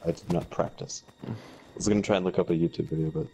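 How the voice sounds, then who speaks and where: A man's voice: low-pitched, steady tone, quick pace, creaky, dark tone, slight background noise, rough recording. A man chatting casually and joking while playing a game online, trying out mock Australian impressions. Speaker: gamer. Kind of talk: casual gaming chat.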